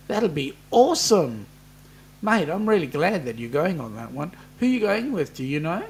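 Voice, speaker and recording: A man's voice: fairly high pitch, lively intonation, moderate pace, vocal fry. An Australian man hosting a casual live chat, reading out viewer comments and joking with them.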